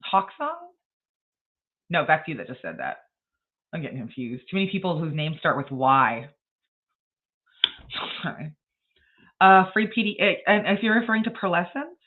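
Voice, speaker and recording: A woman's voice: fairly low pitch, very animated, normal speed, long pauses, narrow, tinny audio. A woman hosting a casual writing livestream, chatting bluntly and rambling with frequent laughs. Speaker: livestream host.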